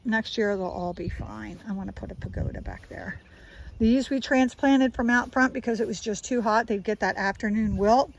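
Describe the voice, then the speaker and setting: A woman's voice: medium pitch, normal speed, rough recording. A woman with a South Jersey accent giving a casual walking tour of her suburban garden, chatty and enthusiastic as she points things out.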